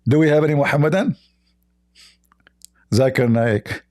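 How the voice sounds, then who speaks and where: A man's voice: on the high side, moderate pace, darkish tone. A man hosting a live debate stream, talking casually in a sarcastic, taunting way with lots of hesitant fillers.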